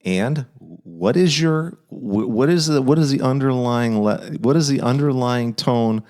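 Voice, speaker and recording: Brief: middle-aged male podcast host, earnest advice-giver, mid-pitched voice, repeats phrases. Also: a little slow, darkish tone. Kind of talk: casual podcast chat.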